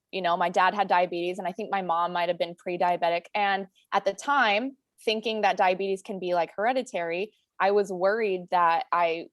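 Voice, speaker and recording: A woman's voice: mid-range voice, no room sound, clean studio sound. A woman in her late twenties, a guest telling her own story in a frank, earnest way, with many "like"s and "you know"s. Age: 20s. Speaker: interview guest. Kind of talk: personal story in a recorded conversation.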